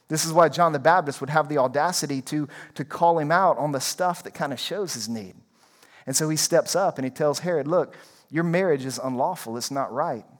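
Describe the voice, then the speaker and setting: A man, a pastor, preaching a sermon in an earnest, emphatic way, repeating key lines for weight. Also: fairly high pitch.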